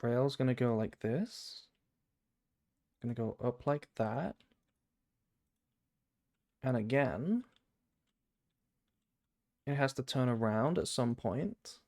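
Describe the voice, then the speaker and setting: A man's voice: mid-range voice, takes it slowly, pauses often, a little mellow. Rambling British man streaming a game. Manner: rambling, thinking aloud, frequent restarts. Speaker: gaming streamer. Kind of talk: casual gameplay chat.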